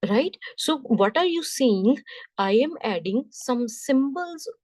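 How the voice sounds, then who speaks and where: A woman teaching French, explaining slowly step by step, often repeating herself and checking in with "right?". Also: sits high, expressive, darkish tone, no echo. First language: Punjabi. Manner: slow, repetitive, checks understanding with "right?". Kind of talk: classroom lesson explanation.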